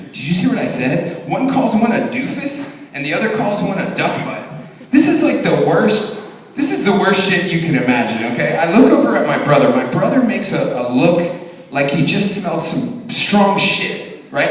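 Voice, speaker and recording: Animated stand-up comic in an echoey hall. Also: male voice, high-pitched, normal speed, recorded from a distance. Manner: animated storytelling, profane, acts out voices. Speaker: stand-up comedian. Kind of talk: stand-up comedy set. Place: comedy venue stage, live audience.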